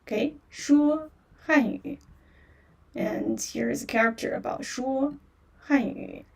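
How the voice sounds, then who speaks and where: A woman's voice: fairly high pitch, huge pitch swings, takes it slowly, gravelly, a little mellow, far from the mic. A woman teaching beginner on a livestream, patiently repeating words and tones with many fillers; is her language. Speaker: Mandarin teacher.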